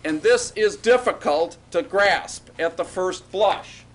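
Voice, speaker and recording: Male teacher, high voice, slow careful lecture, keeps asking okay, faint hiss. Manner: drilling students with call-and-response repetition; checks in often with okay and all right. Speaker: Hebrew teacher. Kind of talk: classroom lecture.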